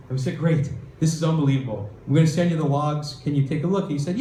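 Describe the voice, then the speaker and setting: Lively man telling a startup story. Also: fairly high pitch, rapid-fire, hardly any pauses, a little hiss or hum. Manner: animated storyteller, acts out quoted voices. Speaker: venture capitalist speaker. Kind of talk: conference talk with storytelling. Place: event hall. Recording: roomy hall with faint ambience.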